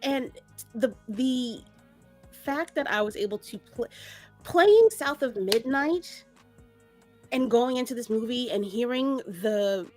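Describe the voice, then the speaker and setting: Casual podcast co-host, woman, lively and fairly high-voiced, over faint music. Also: slow pace. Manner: animated, laughing, many restarts. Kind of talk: casual chat.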